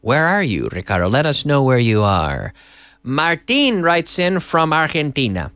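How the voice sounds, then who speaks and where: A man's voice: on the high side, very animated, measured pace, fairly bright tone, dry recording. A man hosting a live-stream English lesson, chatting casually and reading out viewer messages from a TV studio. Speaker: English teacher and host.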